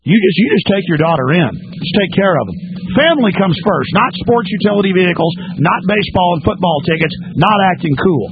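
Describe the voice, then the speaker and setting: A man's voice: sits high, expressive, fairly quick, narrow, tinny audio, background noise. A man hosting a talk radio show, delivering an emphatic, ranting monologue to a caller.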